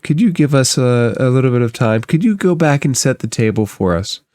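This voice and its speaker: A man voicing a calm, gently firm townsman in a tabletop game. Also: mid-range voice, brisk, no room sound, studio quality, close to an everyday voice.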